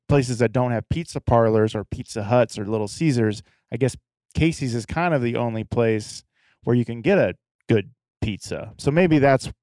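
A man's voice: mid-range voice, darkish tone, no echo. A man hosting a casual podcast chat, asking joking questions. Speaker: podcast host.

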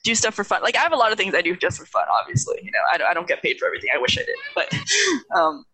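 Man, podcast co-host, casual chat, rambling, filler-heavy, bright tone, very lively pitch. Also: racing, breathy edge, poor audio. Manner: rambling, many fillers, laughs often.

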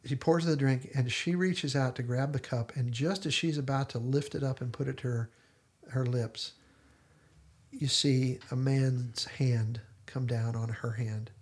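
A man hosting a casual discussion podcast, retelling scenes in detailed storytelling fashion. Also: mid-range voice. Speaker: podcast host.

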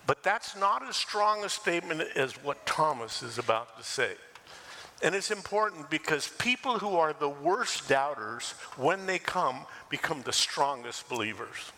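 An older man preaching as a pastor, telling scripture stories in an animated way. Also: a little high. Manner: animated storytelling, acting out the scripture. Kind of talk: sermon. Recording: long hall reverb, faint ambience.

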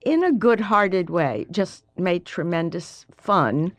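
An older woman raised in Alabama speaks with a Southern accent and a fairly low voice. She tells her stories in an animated, wry way as an interview guest. The sound is close and dry, with no room around it. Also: takes it slowly, no echo. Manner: lively, wry, animated storytelling. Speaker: history professor, guest. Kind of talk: interview, storytelling.

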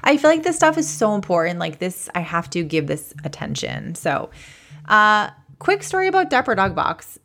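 A woman's voice: fairly low pitch, a bit bright. A woman who runs an online shop, telling a story in a rambling, chatty way and often correcting herself mid-sentence. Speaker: e-commerce business owner, podcast host. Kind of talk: casual storytelling monologue.

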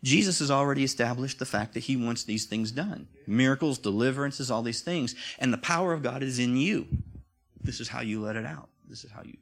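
A man preaching a sermon to his congregation, talking in a conversational, repetitive way. His voice sits in a middle pitch range. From time to time he pushes up into loud, emphatic declarations. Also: a little fast, gravelly. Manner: conversational, repeats himself, rises to emphatic peaks.

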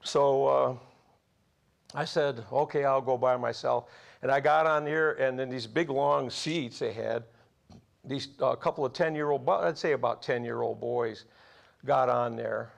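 A man's voice: mid-range voice, unhurried, vocal fry. A man over forty preaching a sermon, telling folksy personal stories and laughing at his own tales. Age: 40s or older.

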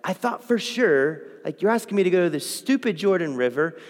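A man's voice: high voice, expressive, brisk. A man voicing an indignant, proud army commander in a casual, exasperated rant during a sermon. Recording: long hall reverb.

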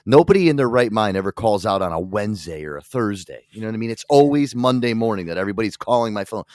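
Man, podcast host, brash swearing rant, rapid delivery, dry close sound. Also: fairly low pitch, expressive, darkish tone, dry recording. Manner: brash, swears a lot, rants. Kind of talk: casual chat.

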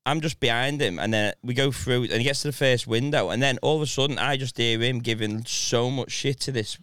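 A man's voice: mid-range voice, fairly quick, a bit bright, smooth, no echo, clean studio sound. Rambling, laughing man. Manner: rambling storyteller, laughs a lot. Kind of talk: casual chat.

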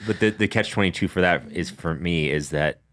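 A man with a very low voice chats in a relaxed, easygoing way and laughs readily. He is a pastor co-hosting a conversation. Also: brisk. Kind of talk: casual chat.

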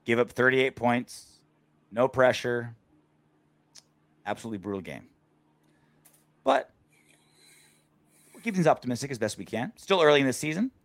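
A man's voice: medium pitch, lively intonation, moderate pace, long pauses, no echo. Crude joking male sports show host. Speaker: podcast host. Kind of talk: casual sports show banter.

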